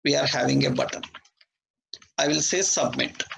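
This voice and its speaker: Man with a gravelly voice teaching code. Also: on the high side, moderate pace, background noise. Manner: explains step by step, spells out names letter by letter. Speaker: programming instructor. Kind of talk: live coding lesson.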